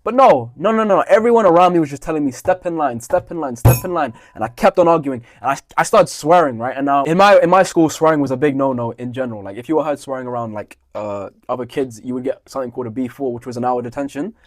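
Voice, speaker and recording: A man's voice: mid-range voice, fast talker, few pauses, no echo. A young adult man, telling a profane, heated story in a blunt monologue. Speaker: vlogger.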